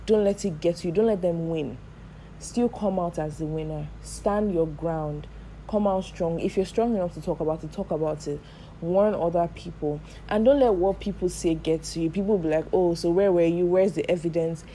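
A young Nigerian woman vlogging, telling a personal story in a lively, emphatic way and repeating phrases for stress. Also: lowish voice, normal speed, a little hiss or hum, low-quality recording. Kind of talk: casual storytelling to camera.

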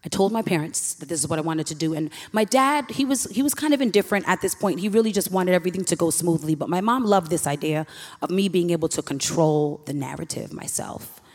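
Young woman, low voice, earnest storytelling, long hall reverb. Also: a little fast. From Queens, New York. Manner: earnest, emotional retelling with sighs. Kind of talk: live personal storytelling.

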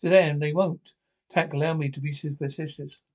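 Man, script read-aloud, stage directions and lines, stumbling restarts, somewhat high pitch. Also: steady tone, normal speed, a little mellow. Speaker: reader of an episode script.

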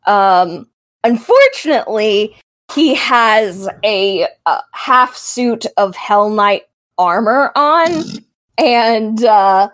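Slow, hesitant woman game master. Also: medium pitch, expressive, a bit bright. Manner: hesitant, many fillers. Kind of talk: narrating a tabletop game.

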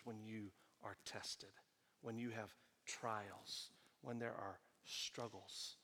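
Male preacher, hushed to booming. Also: lively intonation, takes it slowly, big-room sound. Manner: swings from hushed to loud emphatic preaching. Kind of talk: sermon. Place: church sanctuary.

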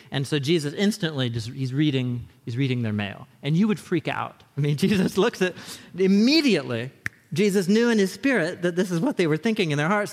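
A man preaching in a loose, animated, conversational way, often restarting his sentences. His voice sits a bit high, and a long reverb trails each phrase in a large hall. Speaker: pastor. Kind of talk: sermon.

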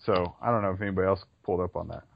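A man's voice: low-pitched, fairly even intonation, very fast, gravelly, slight background noise. A man co-hosting a casual podcast, talking enthusiastically through a TV scene and often repeating himself as he thinks. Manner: enthusiastic, analytical, repeats phrases. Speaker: podcast co-host. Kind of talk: casual TV recap chat. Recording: dull lo-fi sound, dry room.

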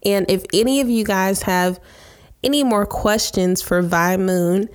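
A woman's voice: medium pitch, a little slow. A woman hosting a podcast, emotional and laughing, speaking to listeners with a casual "y'all". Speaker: podcast host.

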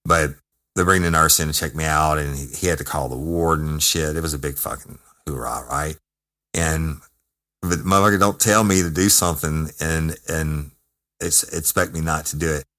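A man with an extremely low, deep voice tells a story casually. He talks in a blunt, profane, emphatic way, punching out words as he goes. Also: moderate pace. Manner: profane, emphatic, animated retelling. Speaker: former correctional officer telling a story.

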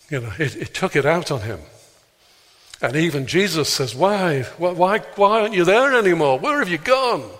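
An Englishman telling a story in a sermon and acting out the dialogue, jumping up high for exclamations and dropping low for quiet asides. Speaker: speaker leading a healing prayer talk. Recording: long reverb of a large hall.

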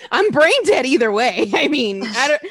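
A woman's voice: high voice, husky, no room sound. A woman co-hosting a casual chat, rambling and joking, swearing freely. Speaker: podcast co-host.

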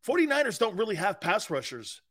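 Hosting a sports talk show, this man reads the live chat and responds to viewer comments in a casual, joking way, laughing often and swinging widely in loudness. His voice is high-pitched with big pitch swings, and he talks fairly quickly.

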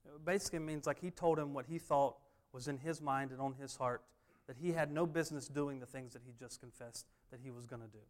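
A man's voice: medium pitch, brisk, hardly any pauses. A man preaching a sermon, driving points home with emphatic repeated refrains. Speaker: pastor.

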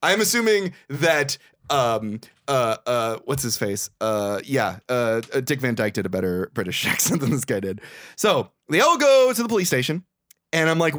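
A man's voice: medium pitch, sing-song, normal speed, a bit bright, no echo. A young man co-hosting a podcast, recapping a movie in casual chat, sarcastic and swearing, jumping into silly quoted voices. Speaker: podcast co-host.

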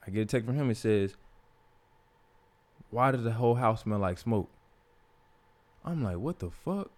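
A man's voice: on the low side, normal speed. A young man, telling a personal story as a podcast host in a candid, profane, casual way. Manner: profane, candid, animated when quoting others.

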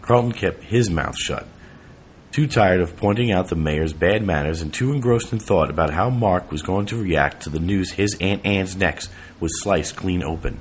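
Very deep-voiced male audiobook narrator. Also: normal speed, slight background noise.

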